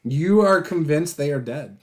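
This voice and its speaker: Man, game master, easygoing, laughs a lot, animated pitch. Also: a little slow, a little hiss or hum. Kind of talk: running a tabletop game.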